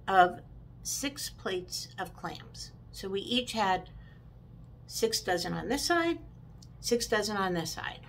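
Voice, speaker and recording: A middle-aged woman tells a personal story to camera as a motivational speaker. Her delivery is lively, and she stretches some words out slowly and rushes through others. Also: fairly low pitch, a little hiss or hum. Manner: lively storytelling, pace swinging between drawn-out and quick. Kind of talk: personal anecdote told to camera.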